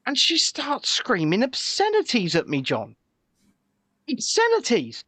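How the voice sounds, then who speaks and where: A man co-hosting a casual live show, telling stories in an animated way and often repeating words as he goes. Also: very high-pitched, unhurried, dry recording. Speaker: co-host. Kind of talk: casual live-stream chat.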